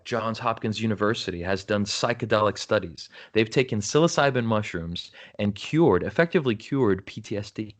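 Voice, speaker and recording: A man with a lowish voice speaks at normal speed with few pauses as a podcast guest. Candid and earnest, he tells his story conversationally, often restarting sentences and saying "you know" and "right?"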